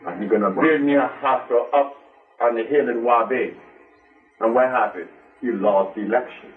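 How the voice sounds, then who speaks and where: Speaking in a mid-range voice at normal speed, an older man addresses a live crowd with passion, driving points home through repetition. A distant mic captures him in thin, tinny sound, with faint music behind.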